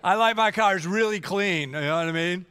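Animated jokey pastor, bright voice, hall echo. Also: male voice, sits high, moderate pace, clean tone. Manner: jokey, animated, acts out kids whining. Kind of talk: sermon. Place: church sanctuary. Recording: long church hall reverb.

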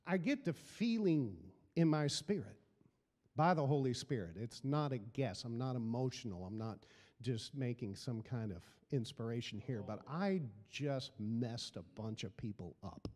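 A man's voice: medium pitch, lively intonation, measured pace, a little mellow, long reverb tail. A middle-aged man preaching a sermon as pastor, building emphasis through repeated phrases. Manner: preaching with rising emphasis and repetition.

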